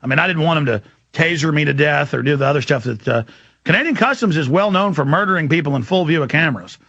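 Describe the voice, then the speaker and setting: Gravelly-voiced man ranting into a mic. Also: on the high side, expressive, fast, fairly bright tone, no room sound, dull audio. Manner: rambling, emphatic storytelling. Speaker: radio talk show host. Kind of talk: monologue.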